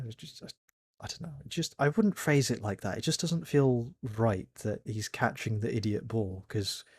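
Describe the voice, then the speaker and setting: A man's voice: lowish voice, a little mellow, dry recording, clean studio sound. A man hosting a reaction video, talking casually and correcting himself as he rambles. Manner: rambling, self-correcting, candid.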